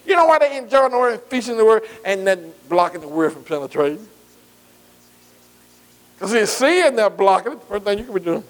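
A man's voice: sits high, sing-song, a little fast. A man. He talks to the congregation in a folksy way, with call-and-response and many amens. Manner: folksy call-and-response preaching, frequent "amen". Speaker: pastor. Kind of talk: sermon.

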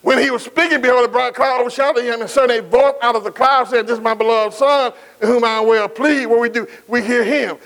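A man's voice: extremely high pitch, fairly even intonation, a bit bright, low-quality recording. A man preaching a sermon, calling out to his congregation, stretching out scripture lines and dropping folksy asides. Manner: call-and-response preaching, drawn-out scripture quotes, folksy asides. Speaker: pastor.

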